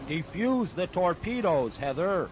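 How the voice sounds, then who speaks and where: Self-important dim detective , man voicing, highish, animated. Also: measured pace. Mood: deadpan. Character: pompous dim-witted male detective. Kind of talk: comedy radio drama.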